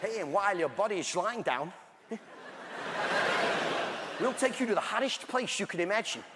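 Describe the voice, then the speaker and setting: Comedian putting on a leering dutch host, slow and suggestive, high animated pitch, echoey theatre. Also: male voice. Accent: Dutch, put on. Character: lewd Dutch host of a wild weekend. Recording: echoey theatre, loud audience noise.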